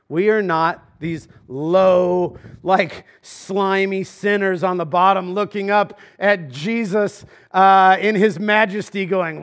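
A pastor from Los Angeles preaches a sermon in a casual, conversational style, full of fillers and asides, while wearing a brace on a swollen knee. His voice is high and a bit bright, delivered at a measured pace with hardly any pauses.

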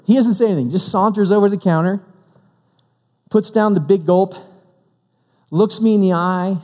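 A man's voice: sits high, moderate pace, long pauses, a little mellow. A man preaching a Christmas sermon, conversational and humorous, acting out the dialogue of the story he tells. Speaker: pastor. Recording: long hall reverb.

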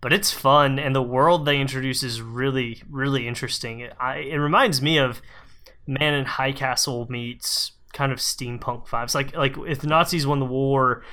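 Man, podcast co-host, bright tone, rambling casual chat. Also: medium pitch, steady tone, moderate pace. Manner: chatty, many fillers and restarts.

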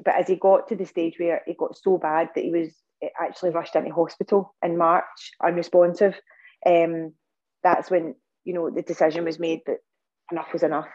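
Low, flat-voiced Scottish woman. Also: moderate pace, muffled recording. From Scotland. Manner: earnest storytelling with many fillers and restarts. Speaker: podcast guest. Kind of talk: casual interview talk.

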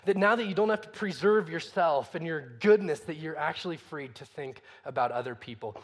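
A man's voice: a little high, expressive, a little fast, long reverb tail. A man preaching a sermon in a conversational way, full of rhetorical questions. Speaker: pastor.

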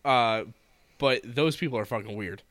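A man's voice: medium pitch, normal speed, a bit bright, no room sound. A man co-hosting a casual chat, joking bluntly and swearing freely. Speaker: podcast co-host.

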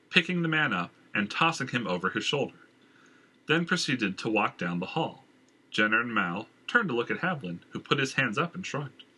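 A man's voice: medium pitch, bright, forceful tone, slightly rough. A man narrating a fantasy novel aloud in a casual read, dropping in filler ums. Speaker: audiobook reader. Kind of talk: fiction narration.

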